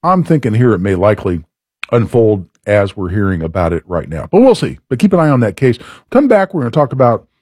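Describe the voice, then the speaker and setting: A man's voice: fairly low pitch, very animated, fairly quick, a little mellow, breathy edge, dry recording. A man hosting a radio talk show, explaining legal points in an emphatic, conversational way. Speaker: radio talk show host and trial lawyer.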